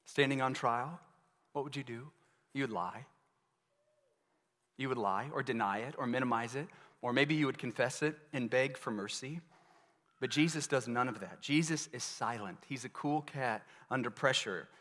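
A man preaches a sermon in an earnest, searching manner and keeps turning to his listeners with questions. His voice sits at a middle pitch. It rings out with a long reverb through a large hall. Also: moderate pace, fairly bright tone. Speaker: pastor.

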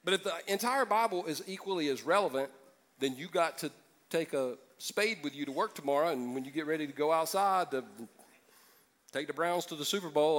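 Man, pastor, sermon, joking, acts out voices, swinging pitch. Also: lively intonation, quick pace, fairly bright tone.

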